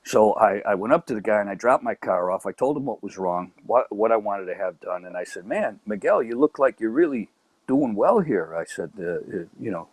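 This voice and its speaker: A man's voice: on the low side, brisk, slightly rough, dry recording. A man with a Chicago accent telling a comic story as a podcast guest, stammering and acting out the people in it. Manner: animated storyteller, acts out voices, stammers and repeats.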